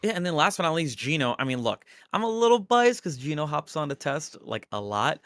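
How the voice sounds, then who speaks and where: Bright lively man, dry close mic. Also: fairly high pitch, a little fast, no echo. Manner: animated, laughs often, profane. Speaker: co-host. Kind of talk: casual live-stream chat.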